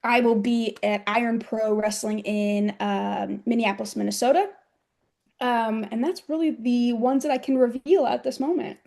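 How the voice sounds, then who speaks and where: A woman's voice: a little high, steady tone, moderate pace, gravelly, warm tone. Chatty young American woman wrestler. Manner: giggly, chatty storytelling. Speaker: professional wrestler guest. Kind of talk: casual interview chat.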